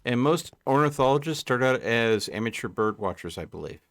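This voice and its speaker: A man's voice: medium pitch, animated, fairly bright tone, slight background noise. A man on a live game stream, chatting casually and thinking aloud as he plays. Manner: slow, thinking aloud while playing. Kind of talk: casual live gameplay chat.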